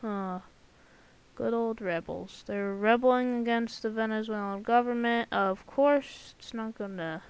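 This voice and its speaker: A woman's voice: fairly high pitch, a little slow, clear, resonant tone, low-quality recording. A woman giving casual, rambling commentary over an alternate-history map, joking and full of fillers and sound effects. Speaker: channel host.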